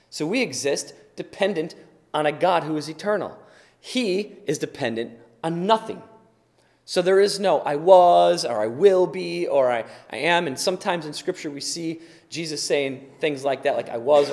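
Male preacher, emphatic sermon delivery, higher-pitched voice, long reverb from a hall. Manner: emphatic, repeats words for stress, swings between loud and soft.

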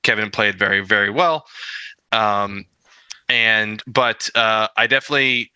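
A man's voice: on the low side, measured pace, bright, forceful tone, clean tone, dry recording, dull audio. A man co-hosting a casual podcast about tabletop gaming, rambling with lots of fillers and self-deprecating chuckles. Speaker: podcast co-host.

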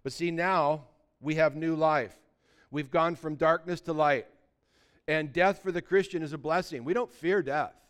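Male pastor, sermon, conversational, slightly high voice, smooth and clear. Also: measured pace, fairly bright tone. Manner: conversational preaching, acts out little dialogues.

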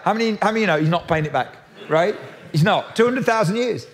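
A man preaching a sermon in a lively, jokey way, often restarting his sentences. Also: high-pitched, brisk. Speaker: pastor.

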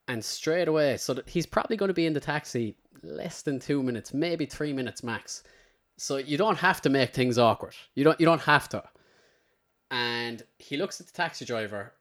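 An Irish podcast host with a medium-pitched, fairly bright voice tells a long, rambling anecdote casually. As he goes, he slips into the voices of the people in his story.

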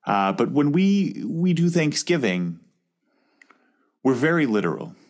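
A man's voice: fairly high pitch, very animated, measured pace, pitched above the performer's own voice. A man playing an earnest adult son introducing his girlfriend to the family, in an improv comedy scene. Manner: earnest, explaining.

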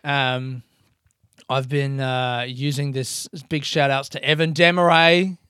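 Excitable rambling man, smooth voice. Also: medium pitch, slow, no echo, clean studio sound. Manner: rambling, excitable, swears freely. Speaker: podcast host and comedian. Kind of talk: casual solo podcast monologue.

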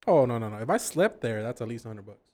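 A man's voice: mid-range voice, sing-song, fast talker, mellow. A man co-hosting a casual drinking podcast, joking and cracking up easily. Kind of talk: casual chat over drinks.

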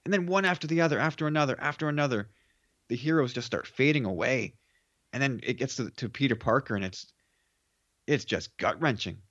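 A man's voice: mid-range voice, fairly quick, fairly bright tone, no room sound, muffled recording. A man appearing as a podcast guest, retelling film scenes in an earnest, emotional way. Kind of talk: casual film review chat.

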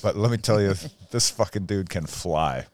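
A man's voice: low voice, lively intonation, darkish tone, no room sound, studio quality. A man hosting a podcast, chatting casually, who breaks in bluntly and swears freely. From United States. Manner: blunt, profane, quick to interject. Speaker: podcast host. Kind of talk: casual chat.

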